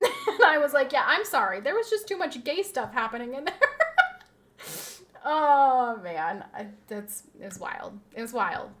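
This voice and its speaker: A woman's voice: high voice, sing-song, measured pace, a bit bright. A woman streamer chatting casually with her viewers, rambling and laughing often as she reads and answers chat.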